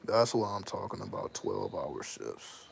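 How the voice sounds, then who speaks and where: A man talking casually to his viewers in a rambling, self-interrupting way, full of slang, over steady background noise. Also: a bass voice, normal speed, gravelly. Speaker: channel host. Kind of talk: casual personal monologue to viewers.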